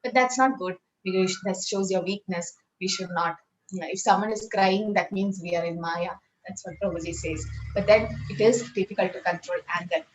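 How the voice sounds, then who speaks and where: A woman leads a scripture class. She explains in a chatty, conversational way and keeps checking in with her listeners. Her voice sits at an ordinary middle pitch. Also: moderate pace, slight background noise, poor audio. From India. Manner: conversational, often asking "right?". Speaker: spiritual class teacher.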